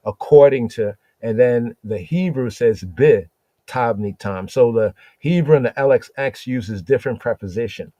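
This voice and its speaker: A man giving a slow, deliberate scripture study on a podcast, reading verses aloud and checking in often with "right?". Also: medium pitch, warm tone, no echo, lo-fi sound. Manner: repeats and restarts words while reading. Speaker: podcast Bible teacher.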